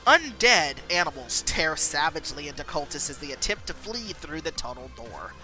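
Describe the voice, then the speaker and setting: A woman's voice: low-pitched, soft background music, poor audio. Woman reading a story game aloud. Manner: animated, quick reading with voices. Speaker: streamer.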